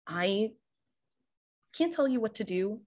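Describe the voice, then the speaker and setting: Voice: medium pitch, lively intonation, slow, a little mellow, voice pushed up. A game master voicing a kindly woman who consoles a young friend, hesitant and reassuring. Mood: gentle, consoling.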